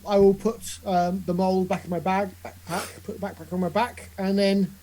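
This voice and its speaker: A woman playing a tabletop role-playing game, talking excitedly with quick rambling asides. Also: medium pitch. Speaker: player.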